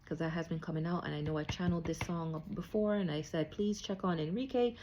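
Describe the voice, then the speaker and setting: A woman's voice: sits low, a little fast, mellow, muffled recording, a little hiss or hum. A woman giving a casual spiritual card reading, chatty and checking in with "okay?" after nearly every thought. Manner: chatty, repeats "okay?" often. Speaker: psychic card reader.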